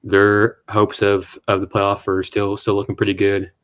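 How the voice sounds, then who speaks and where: A man on a sports panel giving his takeaways in a hesitant, halting way. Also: on the low side, monotone, a bit bright. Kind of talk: casual sports chat.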